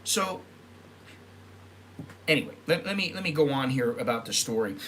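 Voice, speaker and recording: A man's voice: mid-range voice, lively intonation, normal speed, a bit bright, a little hiss or hum. A middle-aged man from the United States telling stories in a rambling casual monologue, often correcting himself and acting out what people said. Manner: rambling, with self-corrections and acted-out quotes. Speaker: vlogger.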